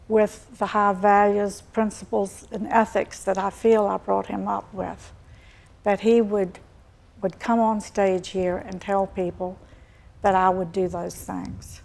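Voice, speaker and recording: A woman's voice: mid-range voice, flat delivery, slow pace, vocal fry, a little mellow. An older woman with a Virginian Southern accent, a guest on a talk show, answering defensively and formally with repeated "no, sir.". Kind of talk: emotional talk show testimony.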